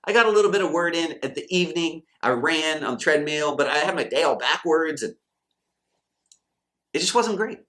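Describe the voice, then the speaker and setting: A man's voice: fairly high pitch, lively intonation, moderate pace, pushed and bright. A man giving a motivational faith talk to camera as a Christian coach and channel host, fired-up and preachy, acting out quoted doubters and believers.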